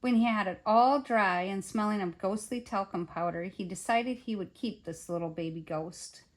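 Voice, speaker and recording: An older woman, a grandmother, reading a children's picture book aloud in an expressive way. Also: mid-range voice, moderate pace. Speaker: storyteller.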